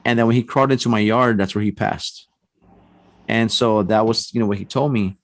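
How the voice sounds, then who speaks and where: A man telling a personal ghost story on a podcast, animated and acting out the voices in his tale. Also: on the low side, a little fast, dry recording. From San Antonio, Texas. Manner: animated storyteller, acts out quotes, frequent restarts and "man". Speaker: paranormal investigator guest.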